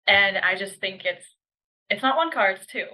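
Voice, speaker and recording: A woman's voice: mid-range voice, expressive, moderate pace, sharp tone, poor audio. A woman with a Canadian accent co-hosting a podcast, explaining the news and correcting herself as she goes. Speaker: podcast co-host.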